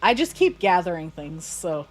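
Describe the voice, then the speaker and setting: A woman's voice: lowish voice, very animated, normal speed, rough recording. A woman streamer chatting casually while playing a game, rambling with lots of fillers and restarts. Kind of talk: casual chat while gaming.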